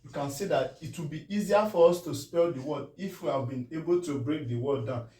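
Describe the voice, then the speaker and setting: A man's voice: on the high side, warm tone. Nigerian man teaching spelling, echoey. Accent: Nigerian English. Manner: checks in often, asking if it is clear; drawn-out syllable-by-syllable pronunciation. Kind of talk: spelling lesson. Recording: echoey room from far off.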